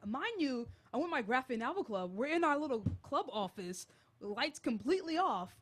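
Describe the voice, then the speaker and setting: A woman's voice: fairly high pitch, a little fast. Jittery young woman telling a spooky story. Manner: animated, jittery retelling with many "like"s. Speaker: college radio host. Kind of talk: casual storytelling on air.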